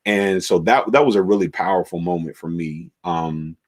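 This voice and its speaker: A man, a pastor, telling the story of his church's beginnings in a relaxed conversational way, with many fillers and restarts. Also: low voice, normal speed.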